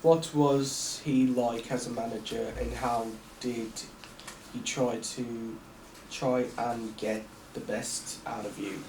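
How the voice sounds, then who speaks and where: A man's voice: mid-range voice, flat delivery, takes it slowly, a little mellow, reverberant, far from the mic, slight background noise, poor audio. A man co-hosting a podcast, asking questions hesitantly and stumbling over names. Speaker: podcast co-host. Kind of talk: interview questions.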